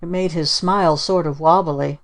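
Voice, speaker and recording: A woman narrating a children's storybook in a measured way. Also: low-pitched, steady tone. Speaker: audiobook narrator. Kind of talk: scripted narration.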